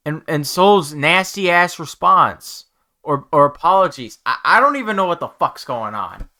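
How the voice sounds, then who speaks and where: A man talking to his viewers while holding back tears, halting and restarting his words, sighing often. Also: fairly high pitch, big pitch swings, sharp tone. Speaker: YouTuber. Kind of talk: emotional talk to camera.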